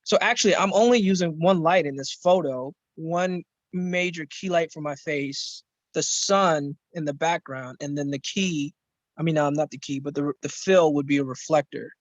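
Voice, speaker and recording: A man's voice: a little high, normal speed, dry recording. A young man explaining things in a loose, rambling way with many fillers, as a student on a group video call. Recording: muffled dry video call audio.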